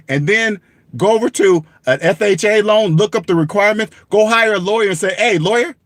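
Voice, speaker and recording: A man's voice: sits high, a bit bright, dry recording, clean studio sound. A man giving blunt money advice straight to the camera in an emphatic, repetitive rant, swearing for emphasis and laughing at himself. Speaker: personal finance vlogger.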